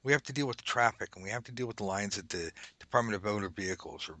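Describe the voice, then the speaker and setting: A man's voice: fairly low pitch, racing, bright, forceful tone, dry recording. A middle-aged man hosting a podcast in a blunt, profane, self-mocking way of casual chat. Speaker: podcast host and tarot teacher.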